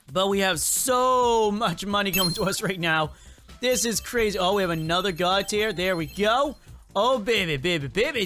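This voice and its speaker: A young man hosting a gaming video, giving excited play-by-play commentary and crooning over every good pickup. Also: high-pitched. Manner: hyped, croons "oh yeah, baby" at loot.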